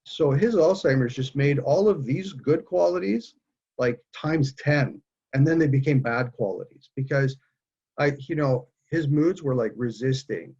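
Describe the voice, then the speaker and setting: A man with a husky, breathy voice speaks earnestly and haltingly, restarting his sentences as he goes. The audio is muffled and lo-fi, like a video call. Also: medium pitch, a little mellow. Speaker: guest speaker. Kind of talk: candid personal conversation.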